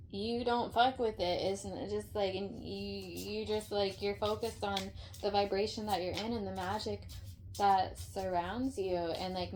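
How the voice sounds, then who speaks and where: A woman's voice: medium pitch, darkish tone, a little hiss or hum. Rambling, swearing woman reading tarot. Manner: rambling, emphatic, frequent swearing and "like" fillers. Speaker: tarot reader. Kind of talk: casual spoken tarot reading.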